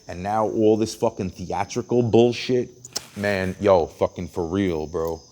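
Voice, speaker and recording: Low-voiced man ranting, swearing a lot. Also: steady tone, a little slow, mellow, a little hiss or hum. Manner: heavy swearing, frequent restarts, acts out quotes. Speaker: vlogger. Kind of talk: ranting storytelling monologue. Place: outdoors at a train station at night.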